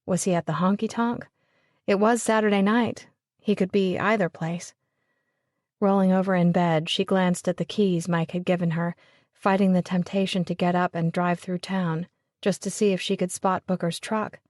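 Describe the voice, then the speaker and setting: A woman's voice: fairly low pitch, steady tone, normal speed, darkish tone, no echo. Woman narrating a romance audiobook, dry. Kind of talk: scripted narration.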